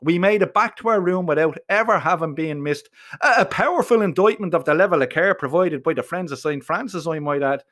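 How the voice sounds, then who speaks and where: A man with an Irish accent telling a comic first-person story in a profane, colloquial and animated way. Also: on the high side, fairly quick. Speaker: narrator.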